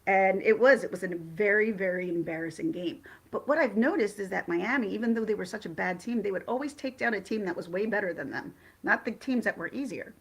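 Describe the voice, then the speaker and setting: Excitable woman rambling on a livestream. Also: medium pitch, a little fast, few pauses, breathy edge. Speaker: livestream host. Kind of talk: casual livestream chat.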